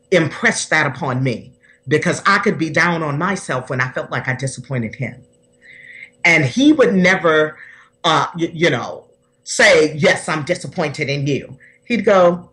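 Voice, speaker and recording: A woman's voice: sits low, animated, a little slow, fairly bright tone. A woman personal development coach speaking earnestly and from the heart as a podcast guest, often restarting her sentences.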